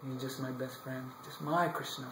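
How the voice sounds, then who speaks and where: Man storyteller, devotional tale, gravelly voice, echoey room with faint hum. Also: medium pitch, moderate pace. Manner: expressive, swings from loud to whispered. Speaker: storyteller monk.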